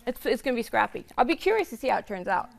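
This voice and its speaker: A hoarse woman casually demonstrating quilting steps to a small group, chatty and explaining each step as she sews. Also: on the high side, very animated, very fast. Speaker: quilting instructor.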